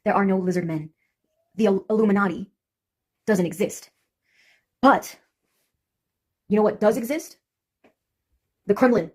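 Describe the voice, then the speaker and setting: Husky woman, sardonic rant. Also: mid-range voice, a little slow, long pauses, darkish tone. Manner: sardonic, mocking, ranting. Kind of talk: casual monologue.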